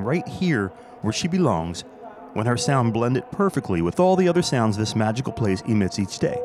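A man's voice: mid-range voice, background noise. A man hosting a podcast, talking through an on-location audio diary inside a train station concourse in a chatty, nostalgic way with joking asides. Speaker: podcast host.

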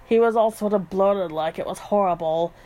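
A man's voice: sits high, normal speed, darkish tone, close to an everyday voice. A woman voicing a frightened male rat henchman who speaks in shaken, blurted words.

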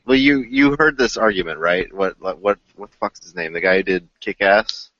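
A man's voice: low-pitched, lively intonation, moderate pace, pushed and bright, dry recording. A man co-hosting a podcast, talking loosely with hedges and swearing. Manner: loose, profane, hedging. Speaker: podcast co-host. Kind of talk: casual chat. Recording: dull lo-fi podcast audio.

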